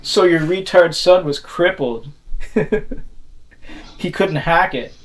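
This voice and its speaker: A man's voice: on the high side, slow pace. A man from Canada reviewing a beer in a comedic vlog, ranting profanely and laughing often.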